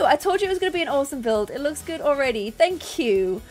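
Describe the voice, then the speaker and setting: A young woman streaming a building game, chatting casually and excitedly thanking her viewers. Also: sits high, quick pace. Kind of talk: casual gameplay livestream chat. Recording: faint music behind.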